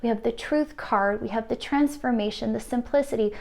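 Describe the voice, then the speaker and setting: A woman's voice: on the high side, fairly quick, vocal fry, darkish tone. A woman giving an intuitive card reading to viewers, gushing and emotional with frequent light laughs. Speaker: tarot reader.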